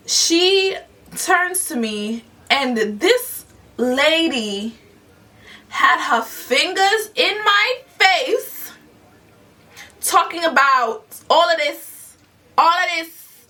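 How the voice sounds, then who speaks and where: A woman telling a storytime vlog in a blunt, animated way, swearing often. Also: sits high, takes it slowly, recorded from a distance. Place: parked car.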